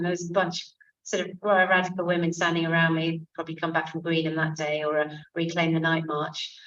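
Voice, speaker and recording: This is a distant, dull recording from a bookshop event room, where a guest author from England, a comic actress in her sixties, talks conversationally. She speaks low, spinning lively anecdotes with fillers and quick asides.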